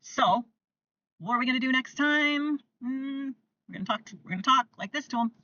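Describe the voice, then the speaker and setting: An older woman hosting parenting advice to camera, emphatic and repetitive, sometimes acting out gentle lines she would say to a toddler. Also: high-pitched, normal speed, distant mic, dull audio.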